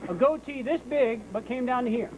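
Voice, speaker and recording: A man guiding an outdoor battlefield tour, telling history as a lively story and acting out what people said. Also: very high voice, a little fast, poor audio. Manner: lively storyteller, acts out quotes. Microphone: hand-held camera. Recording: outdoor camcorder recording with noise.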